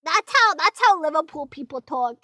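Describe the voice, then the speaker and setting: A young woman from England streaming a reaction video, loud and excitable, swearing and laughing often. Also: high voice, normal speed, noisy background.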